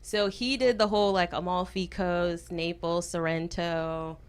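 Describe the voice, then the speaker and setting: Woman guest, lower register, relaxed and animated storytelling. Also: measured pace, smooth. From United States. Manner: chatty, animated storyteller with laughs. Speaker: podcast guest. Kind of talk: casual chat.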